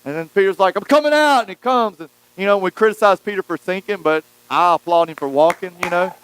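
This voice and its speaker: A man preaching a sermon, telling a Bible story with lively acted-out quotes. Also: sits high, fast talker, a little hiss or hum, rough recording. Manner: animated storytelling, acting out quotes. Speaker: pastor.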